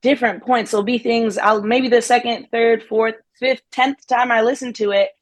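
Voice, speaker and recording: A woman's voice: a little high, fairly even intonation, moderate pace, no room sound. Upbeat young woman actress, dry sound. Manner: upbeat, laughs often, many fillers like "like". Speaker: guest actress. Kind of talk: casual interview chat.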